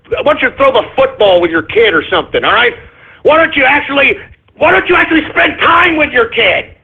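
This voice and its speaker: A man hosting a talk radio show, ranting loudly and profanely with indignant repetition. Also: very high-pitched. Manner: loud, profane, indignant ranting with repeated catchphrases. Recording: phone-like lo-fi radio audio.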